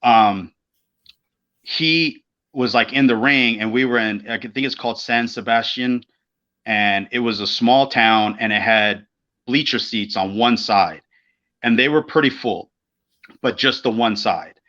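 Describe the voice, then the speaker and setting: A middle-aged man co-hosting a casual podcast, telling an old road story in a profane, animated way and acting out the voices of the people in it. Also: medium pitch, measured pace. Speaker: podcast co-host, former pro wrestler. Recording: dull lo-fi podcast audio.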